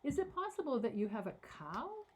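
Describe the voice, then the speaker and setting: A woman voicing a calm, commanding old male rabbi, speaking in a measured, firm and unhurried way. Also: sits high, husky, pitched above the performer's own voice, full character voice.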